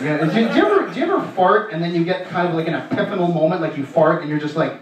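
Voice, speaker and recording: A young man from Canada works through a stand-up set, his voice sitting a little high. He rambles, stumbles and restarts between bits. The sound is very echoey and set back from the mic, like a small club heard from across the room. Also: animated, far from the mic, a crowd in the background. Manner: rambling, halting delivery with many fillers and restarts. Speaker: stand-up comedian. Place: comedy club stage.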